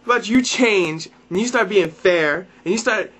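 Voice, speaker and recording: High-voiced young man ranting. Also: moderate pace, a bit bright, husky. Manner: exasperated, profane, repeats and restarts phrases. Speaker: vlogger. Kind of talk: ranting to camera.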